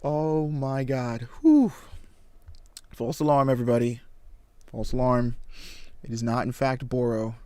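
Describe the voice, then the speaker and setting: A man reading a comic aloud and reacting with excited exclamations and casual slang. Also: medium pitch, unhurried, pauses often, dry recording.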